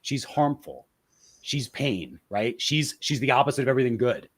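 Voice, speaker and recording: A man's voice: medium pitch, big pitch swings, moderate pace. A man as a podcast guest, speaking candidly and reflectively, often restarting and repeating words as he searches for the right phrasing. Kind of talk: candid interview conversation.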